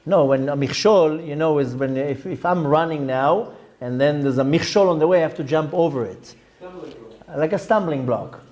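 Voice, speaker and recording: Speaking at normal speed in a fairly high, slightly mellow voice, a male rabbi teaches a Torah class. His lecture is explanatory and step by step, dotted with Hebrew terms and side notes.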